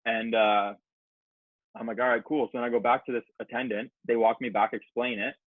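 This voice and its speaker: Speaking fairly quickly with a mid-range voice and fairly even intonation, this male podcast guest rambles through a lengthy, foul-mouthed anecdote, voicing both sides of quoted exchanges amid lots of filler. It's a casual podcast chat, captured dry and narrow, like a phone.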